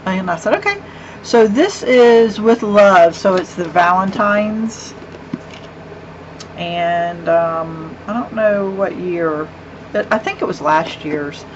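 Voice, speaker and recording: Middle-aged woman, unhurried, gushing craft vlogger; dull lo-fi recording at a home craft table. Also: medium pitch. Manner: chatty, rambling, with gushing asides. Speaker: card-making vlogger. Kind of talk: casual craft show-and-tell. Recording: dull lo-fi with faint hum.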